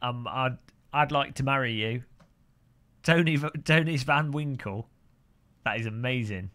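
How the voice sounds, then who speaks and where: A man streams sim racing, chatting and joking with viewers and laughing often in casual live commentary. His mid-range voice is unhurried with a sharp tone.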